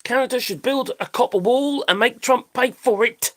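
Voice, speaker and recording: A man's voice: very high voice, normal speed, hardly any pauses, a bit bright. A middle-aged British man hosting a live stream, ranting in a blunt, rambling, sweary way and laughing at his own jokes. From Britain. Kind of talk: casual live-stream commentary.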